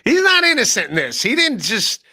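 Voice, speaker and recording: A man hosting a podcast, chatting casually and breaking into quick mimicking voices. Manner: animated, mimics people with sudden jumps in pitch. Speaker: podcast host. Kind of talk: casual livestream chat.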